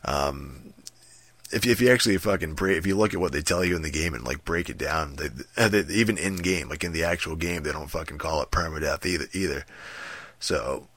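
A man's voice: a bass voice, brisk, a bit bright, no echo. A man ranting casually about a video game, profane and rambling, with many fillers and restarts. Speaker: gaming commentator.

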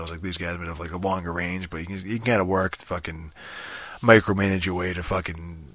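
A man's voice: low voice, fairly even intonation, fast, a bit bright, dry recording. A young man talking casually and rambling about a strategy game, swearing constantly and restarting his sentences. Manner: rambling, heavy swearing, many fillers and restarts.

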